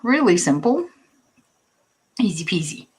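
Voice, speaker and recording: A woman's voice: mid-range voice, big pitch swings, unhurried, poor audio. A woman leading a casual live painting lesson, chatty and reassuring, rambling through asides with plenty of ums and likes. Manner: reassuring, encouraging. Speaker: painting instructor.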